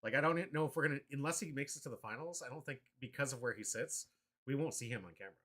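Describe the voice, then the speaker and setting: A man hosting a casual card-game livestream, excitable and prone to loud mock rants. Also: mid-range voice, very fast. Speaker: livestream host.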